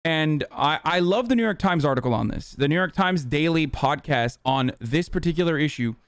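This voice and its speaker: A man's voice: fairly high pitch, animated, moderate pace, clear, resonant tone, no room sound, studio quality. A man streaming a reaction to a clip, ranting in a heated, profane, casual way.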